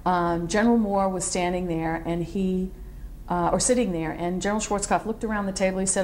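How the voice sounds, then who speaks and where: A woman's voice: fairly low pitch, fairly quick, few pauses, a little hiss or hum. A middle-aged woman, a military veteran, recalls her service in an oral history interview, telling stories with animation and acting out what others said. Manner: animated storyteller, acts out quotes, digressive.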